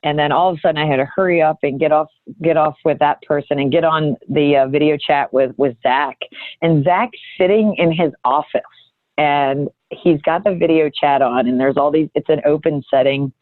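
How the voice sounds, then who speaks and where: A woman guest telling a personal story in an earnest, halting way, often restarting her sentences. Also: low voice, steady tone, dry recording. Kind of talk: candid reflective storytelling. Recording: thin phone-like audio.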